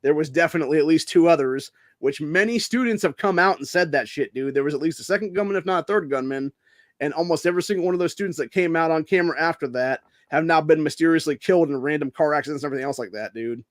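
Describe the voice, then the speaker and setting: A man's voice: fairly high pitch, fast talker, no echo, clean studio sound. A man from Ohio hosting a podcast, ranting with constant swearing and rambling asides full of dude and bro. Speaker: podcast host. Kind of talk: profane rant and casual monologue.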